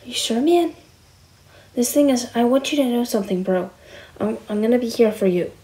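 A woman's voice: a little high, expressive, brisk, warm tone, close to an everyday voice, poor audio. A woman voicing a young male wolf in a Minecraft roleplay, talking casually, calling everyone bro and stammering with fillers. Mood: earnest. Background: background music.

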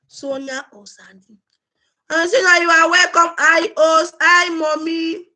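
Bright-voiced woman chatting on stream. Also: very high-pitched, fairly even intonation, a little slow. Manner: chatty, laughing often, greets viewers by name. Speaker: live stream host. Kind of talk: casual live stream chat with viewers. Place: home in Germany.

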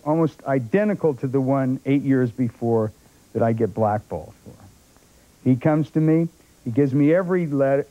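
An older man, a film actor, telling anecdotes as a talk show guest and acting out the voices of others. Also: medium pitch. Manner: animated storyteller who acts out other people's voices. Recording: dull lo-fi broadcast tape.

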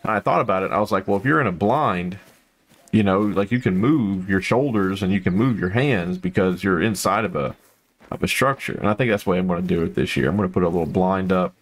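A man giving casual, rambling commentary while playing a hunting video game, full of fillers and sudden excited outbursts. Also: deep voice, fairly quick. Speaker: gameplay commentator.

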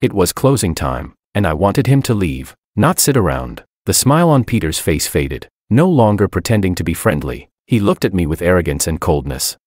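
Deep-voiced man narrating a wry audiobook. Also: very animated, fairly quick, hardly any pauses, darkish tone, no echo, studio quality. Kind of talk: first-person audiobook narration.

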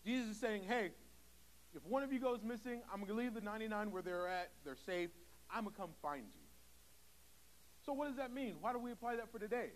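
A young male preacher in a church with a notably high voice. He speaks in a relaxed, conversational way and acts out quoted exchanges as he goes. A faint hiss sits under the recording. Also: a little fast, rough recording. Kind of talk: sermon. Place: church sanctuary.

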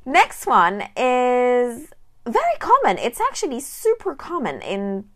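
A woman's voice: a little high, huge pitch swings, slow pace. A woman, teaching a language lesson on a live stream in a chatty way, often restarting her sentences and speaking to viewers.

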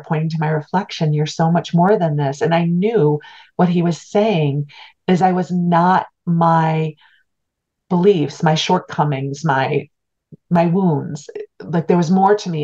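A spiritual teacher appearing as an interview guest, this middle-aged woman tells a personal story with earnest, heartfelt reflection. Her voice is notably low and warm, and the audio sounds somewhat muffled and lo-fi.

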